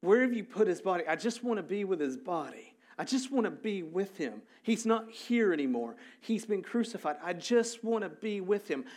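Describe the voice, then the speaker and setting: Male preacher doing a distraught mourning woman, pleading in a lifted, higher voice. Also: sing-song, normal speed, hardly any pauses, darkish tone. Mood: desperate pleading. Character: grieving desperate woman at a tomb.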